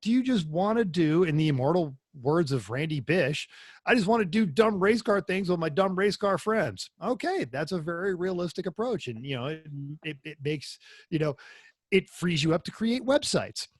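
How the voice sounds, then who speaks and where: A man's voice: high voice, animated, normal speed, no echo, clean studio sound. A man co-hosting a casual racing podcast, rambling and jokey, often repeating words. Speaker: podcast co-host. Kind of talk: casual chat.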